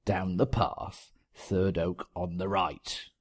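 A man voicing a grinning, dim-witted wicked ogre who speaks in slow, blunt threats. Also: deep voice, little pitch movement, breathy edge, exaggerated voice. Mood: menacing.

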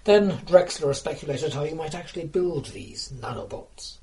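A man reading a piece of prose aloud in a calm, measured narration. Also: a little high, low-quality recording. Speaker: contributor reading his story.

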